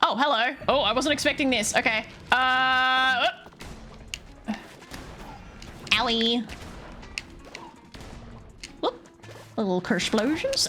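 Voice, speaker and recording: Woman streamer, high lively voice, bright, swears a lot, yells at the game, faint game music behind. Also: slow pace, pauses often. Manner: excitable, foul-mouthed, talks to the game. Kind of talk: live gameplay commentary.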